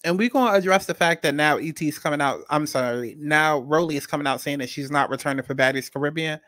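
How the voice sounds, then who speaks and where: A man's voice: on the high side, fast, a bit bright, dry recording. Blunt male commentary host, dry sound. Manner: blunt, talks straight to viewers. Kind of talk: casual commentary.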